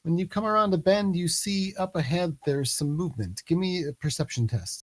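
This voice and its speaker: A man narrating a tabletop game as game master, relaxed and hesitant with many fillers. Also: high-pitched, brisk.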